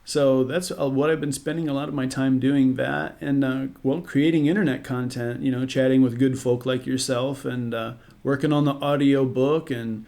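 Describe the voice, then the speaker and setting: This is a man with a Southern twang, talking easily and at length as a podcast guest. His voice has a gravelly fry to it. His pitch sits in the middle of the male range. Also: steady tone, moderate pace, hardly any pauses, darkish tone. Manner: easygoing, joking, rambling. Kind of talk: casual podcast chat.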